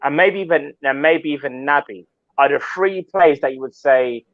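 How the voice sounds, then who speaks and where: A man's voice: on the high side, normal speed, no room sound. A man co-hosting a casual live-stream chat, thinking aloud and hedging his opinions. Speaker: co-host. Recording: dry, dull lo-fi audio.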